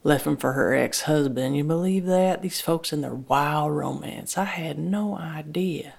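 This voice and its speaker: Gravelly woman telling a plain-spoken story. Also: low-pitched, a little mellow. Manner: plain-spoken, repetitive, halting restarts. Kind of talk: first-person dialect monologue.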